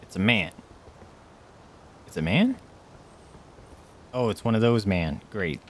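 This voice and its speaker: Excitable male streamer with a lively voice. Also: on the low side, slow pace, a little hiss or hum. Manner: excitable, yelps and swears at enemies; chatty, thanks viewers by name. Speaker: livestreamer. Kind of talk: live gameplay commentary.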